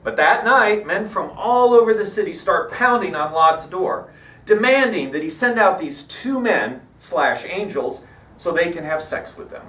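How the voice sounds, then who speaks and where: Animated, wry male preacher. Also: high-pitched, a little slow. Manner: irreverent, wry, animated storytelling. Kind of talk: sermon. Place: church hall. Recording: echoey hall, mic at a distance.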